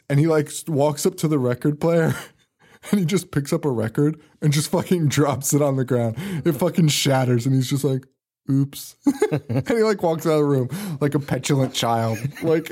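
A young man co-hosting a podcast, casually recapping a movie with lots of swearing, rambling asides and quick imitations of characters. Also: fairly high pitch, darkish tone. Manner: profane, rambling, retells scenes with quick put-on quotes. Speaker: podcast co-host.

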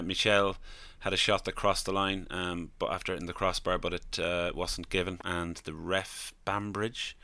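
Male co-host, very low voice, bright and smooth, casual recaps. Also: no room sound. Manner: informal, recapping with fillers. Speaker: podcast co-host. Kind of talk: casual chat.

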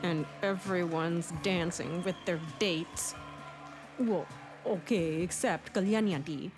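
A young woman performing a one-woman stage monologue, talking in rapid, stammering, comic teen chatter. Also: fairly low pitch, over music. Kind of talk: theatrical monologue.

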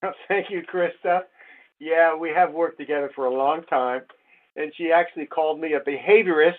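A man's voice: a little high, moderate pace. An older man, a safety researcher, giving a wry slide presentation full of rhetorical questions. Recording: tinny phone-like audio.

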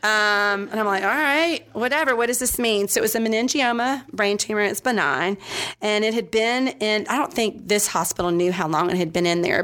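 A woman telling a personal testimony in a casual, self-deprecating way, with frequent "um" pauses and restarts. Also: mid-range voice, fairly bright tone. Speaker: speaker sharing a personal testimony.

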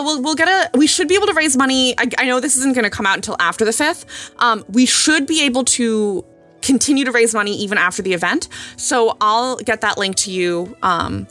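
Woman guest co-host: bright, higher voice, loose chatty tangents. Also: animated, normal speed, soft background music. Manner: rambling, self-aware tangents. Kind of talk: casual podcast chat.

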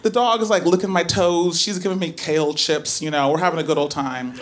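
A woman telling a true story on stage, chatty and animated, full of asides and filler words. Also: on the low side, brisk. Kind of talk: live first-person storytelling.

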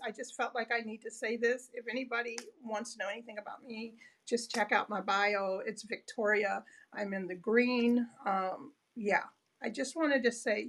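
Choked-up high-voiced woman. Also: low-quality recording. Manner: halting, heartfelt, trailing off. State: choked up, near tears. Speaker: speaker in an online audio room. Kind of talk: emotional testimonial.

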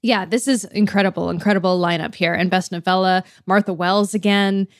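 A woman co-hosts a book podcast, chatting in an upbeat way and teasing her co-host. Her voice sits at a middle pitch for a woman. The sound is dry, with no room echo. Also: steady tone, fairly quick. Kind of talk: casual chat.

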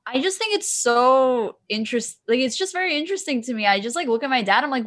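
A young woman, a podcast co-host and guest, talking in a chatty, animated way with lots of "like". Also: high voice, a little fast, hardly any pauses, dry recording. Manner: chatty, animated, uses "like" a lot. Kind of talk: casual chat.

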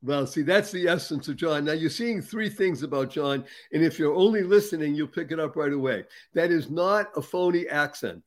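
A man's voice: on the high side, animated, moderate pace, few pauses. A man hosting a motivational talk show, speaking emphatically and building to showy introductions. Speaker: host.

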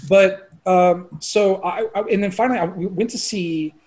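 A man around forty, a filmmaker guest chatting on a podcast, excitable and rambling, full of "like" and casual swearing. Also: high voice, normal speed.

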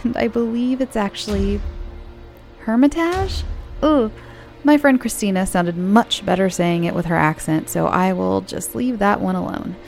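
An American woman hosting a horror story podcast, chatting in a friendly, gently giggly way before reading the stories. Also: medium pitch, moderate pace, gravelly, faint music behind.

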